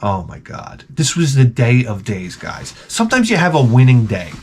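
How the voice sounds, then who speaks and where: A middle-aged man in a rambling vlog, his voice at an ordinary middle pitch. He tells stories in a loose, profane way and keeps breaking into loud, mock-outraged exclamations. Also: normal speed, a little hiss or hum. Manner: excitable, profane, jokey, with sudden loud exclamations. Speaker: video game vlogger. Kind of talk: rambling casual storytelling.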